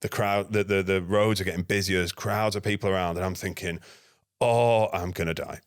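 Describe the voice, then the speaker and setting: A man, a podcast guest, telling a lively anecdote and acting out his own dialogue. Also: low voice, fast, no echo, studio quality. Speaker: guest, NGO security manager. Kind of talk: casual podcast storytelling.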